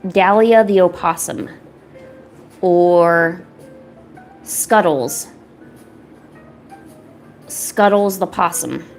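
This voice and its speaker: A woman's voice: on the low side, drawn-out words, long pauses, a little mellow, faint music behind. Playful woman cooing at her cats. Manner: teasing, chatty, laid-back. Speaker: art streamer. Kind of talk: casual chat while painting. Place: at home.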